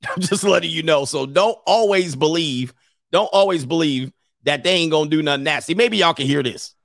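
A man's voice: a little high, moderate pace, creaky, fairly bright tone, dry recording, clean studio sound. A man hosting a stream, ranting comically in casual slang and laughing often. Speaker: streamer host. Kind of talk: casual comedic rant.

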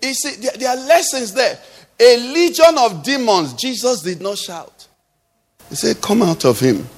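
A man's voice: extremely high pitch, lively intonation, unhurried. A middle-aged man preaching a sermon, drawing call-and-response from the congregation and telling everyday stories to make his point. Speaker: pastor. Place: church hall. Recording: long hall reverb.

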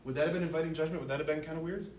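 High-voiced priest quizzing teens. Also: male voice, racing, a little hiss or hum. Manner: lively, joking, quizzes the audience. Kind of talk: interactive talk to teens. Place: room with a live youth audience.

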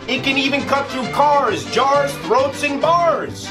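A performer voicing a sleazy pitchman hawking prison escape gear in a mock TV infomercial, with brash hard-sell patter. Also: slow pace, music in the background.

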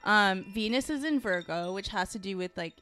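A woman chatting casually as she reads a star chart and tarot cards, full of fillers and quick asides. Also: mid-range voice, expressive, bright, forceful tone, soft background music. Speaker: tarot and astrology reader. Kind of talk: casual chat.

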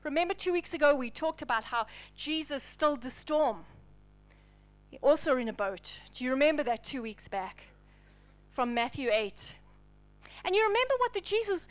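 A woman's voice: high-pitched, sing-song, moderate pace, a bit bright. A woman preaching a sermon to a congregation, telling Bible stories dramatically and dropping to a near whisper at the key moments.

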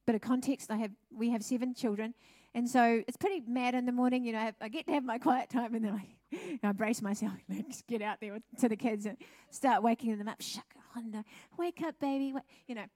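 A middle-aged woman, a pastor's wife, telling her testimony at a church service in a chatty, animated way. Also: on the high side, fast, hardly any pauses, no echo, clean studio sound. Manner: chatty, animated storytelling with laughs.

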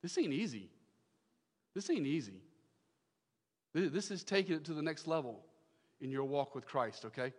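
A male pastor preaching a sermon, emphatic, repeating his phrases and swinging from loud declarations to hushed lines. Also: on the high side, expressive, moderate pace, pauses often, big-room sound.

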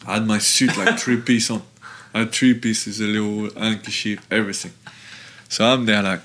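Low-ish and unhurried at an ordinary pace, the voice belongs to a retired football player on a podcast. His anecdotes run long and meander, thick with fillers and told with lively energy.

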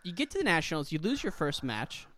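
A man's voice: on the high side, huge pitch swings, fast talker, fairly bright tone, no echo. A man hosting a casual interview, joking and easily amused as he asks questions. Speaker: interviewer, host.

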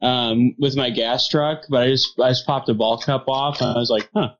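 A laid-back man co-hosting a podcast, joking and chuckling through loose chat. His voice is mid-pitched and comes through a slightly dull, muffled recording. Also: fairly even intonation, moderate pace. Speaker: co-host.

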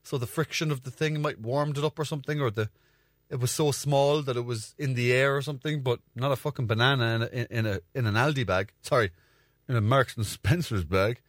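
A man's voice: medium pitch, brisk, dry recording, clean studio sound. A man hosting his own show, telling self-mocking stories about himself in a sweary, casual monologue. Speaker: podcast host.

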